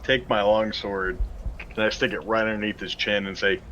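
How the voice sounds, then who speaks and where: A man with a fairly low yet bright, forceful voice speaks as a tabletop player. He keeps his lines short and blunt. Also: flat delivery, moderate pace, dull audio, slight background noise. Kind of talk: casual tabletop role-play.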